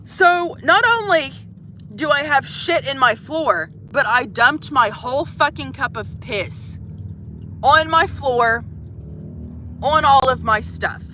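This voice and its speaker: A woman's voice: sits high, expressive, slow pace, sharp tone, slight background noise. A young woman telling a comic, profane story to live viewers from inside a van, exasperated and swearing freely. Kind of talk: casual storytelling livestream.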